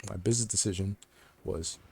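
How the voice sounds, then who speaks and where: Young guy rambling a story, lotsa slang n laughs, low warm voice. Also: a little fast, vocal fry, husky. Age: young adult. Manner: joking, slangy banter with laughs. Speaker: vlogger. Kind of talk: casual storytelling to camera.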